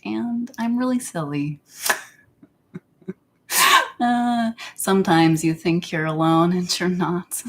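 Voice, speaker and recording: Slow, giggly woman rambling to camera. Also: on the low side, darkish tone. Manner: giggly, laughs often between phrases; meandering, with many fillers and restarts. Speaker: vlogger. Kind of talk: casual rambling monologue.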